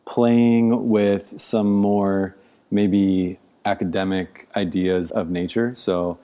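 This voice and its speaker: A man from the Midwest, an outdoor educator and podcast guest, speaking in a thoughtful, measured way and pausing to find his words. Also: fairly low pitch, fairly even intonation, dark tone, clear, resonant tone. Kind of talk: casual podcast interview.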